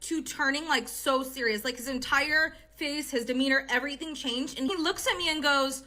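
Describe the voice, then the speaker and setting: A young woman telling a wild personal story in a casual, animated way, swearing often and saying "like" a lot. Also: high voice, normal speed. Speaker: storyteller in a clip.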